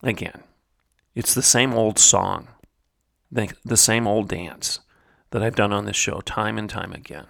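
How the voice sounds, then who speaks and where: A man from Oklahoma hosting a commentary show, talking emphatically like a preacher, repeating phrases for stress and dropping low and quiet for disdain. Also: unhurried, gravelly, long pauses. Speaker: podcast host. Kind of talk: commentary monologue.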